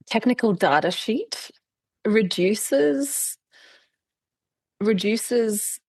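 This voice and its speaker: A woman's voice: medium pitch, dry recording. A middle-aged woman hosting a casual chat, telling stories animatedly and acting out quoted exchanges, with frequent restarts. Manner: animated storyteller, acts out quoted exchanges with bursts of laughter; many restarts and repeated words. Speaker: podcast host.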